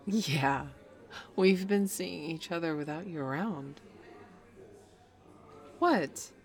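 A woman's voice: sits low, slow pace. A young woman voicing a cocky, taunting female best friend in an audio role-play, talking in a smug, playful way.

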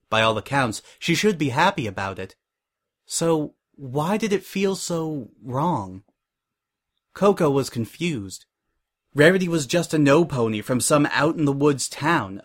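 A man narrating a fan-fiction story in a steady reading voice. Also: mid-range voice.

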